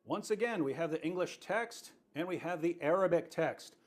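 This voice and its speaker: High-voiced man arguing a point. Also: expressive, moderate pace. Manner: repetitive, emphatic, explanatory. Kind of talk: argumentative presentation.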